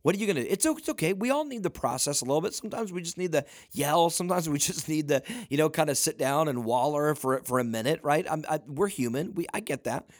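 A man's voice: on the high side, expressive, fast talker, hardly any pauses, dry recording, studio quality. A man giving a motivational talk as a leadership coach, emphatic, often saying "listen" and pushing his voice up at the peaks. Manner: emphatic, repeats "listen", rising to near-shouting peaks.

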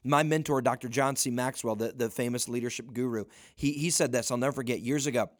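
Speaking fast in a steady, mid-range voice, a male leadership coach gives an emphatic motivational talk. He repeats "listen" often and rises nearly to a shout at his peaks, in a studio-quality recording with no room sound.

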